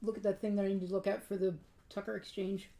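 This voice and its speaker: A woman co-hosting a store livestream talks fast and throws in dry, wry comments. Her medium-pitched voice rings in a roomy, echoing space. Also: little pitch movement, warm tone. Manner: quick, wry asides. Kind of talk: casual livestream chat. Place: toy store, indoors. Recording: roomy echo.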